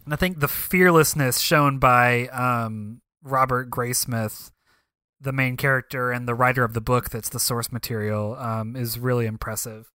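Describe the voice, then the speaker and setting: A man's voice: mid-range voice, steady tone, normal speed, pushed and bright, smooth, no room sound, studio quality. A man co-hosting a podcast, talking casually about films with frequent "um" fillers. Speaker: podcast co-host. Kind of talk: casual film discussion.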